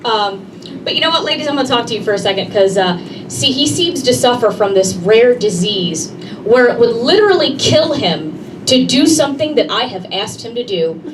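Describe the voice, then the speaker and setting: A woman's voice: fairly high pitch, expressive, moderate pace. Brash woman doing stand-up. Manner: brash, conversational, addresses the audience directly. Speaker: stand-up comedian. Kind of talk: stand-up comedy set. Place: comedy club stage. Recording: distant mic, noisy room ambience.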